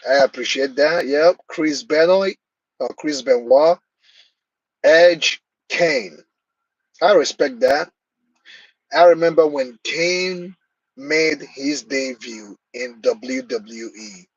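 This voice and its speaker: A man's voice: mid-range voice, slow pace, husky, no room sound, dull audio. A man hosting a live stream, chatting casually and answering viewers' comments by name.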